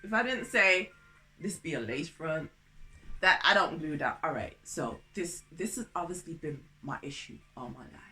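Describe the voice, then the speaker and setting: A woman in her thirties vlogging casually to camera, excitable and goofy, jumping between topics and laughing often. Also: low-pitched, normal speed. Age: 30s.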